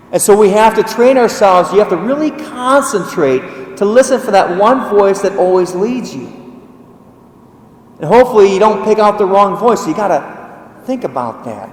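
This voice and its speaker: A male priest delivers a homily in a relaxed, conversational manner, circling back on his own phrases. His voice sits fairly high for a man. The sound rings with the long reverb of a large church. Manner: conversational, with restarts and acted-out voices. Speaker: pastor. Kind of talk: sermon. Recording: echoey church hall.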